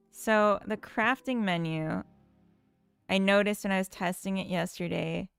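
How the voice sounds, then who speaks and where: A woman talks to her stream audience as she codes, taking her time over each thought. Her voice sits a little low and has a gravelly fry to it. Faint music plays underneath. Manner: unhurried, chats with viewers and reads their comments. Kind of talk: casual chat while coding on stream.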